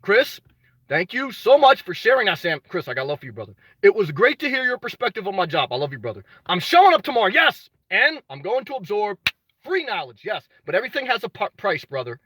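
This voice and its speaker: Animated, bright-voiced man giving motivational pep talk. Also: sits high, fairly quick, husky, no echo, low-quality recording. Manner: emphatic, repeats key phrases, calls viewers brother; swears casually. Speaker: livestream host reading viewer comments. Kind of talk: motivational livestream chat.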